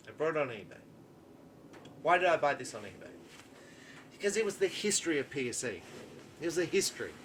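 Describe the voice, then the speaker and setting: An older Australian man with a voice that sits a little high for a man. He holds forth to the camera in a blunt, exasperated monologue, firing off rhetorical questions and tagging his points with a quick "right?". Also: fairly bright tone, slight background noise. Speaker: archery shop owner.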